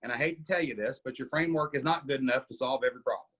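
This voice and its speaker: A man's voice: mid-range voice, rapid-fire, a bit bright, slightly rough. A middle-aged man hosting a casual coaching Q&A, emphatic and often asking "right?". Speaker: podcast host coaching members.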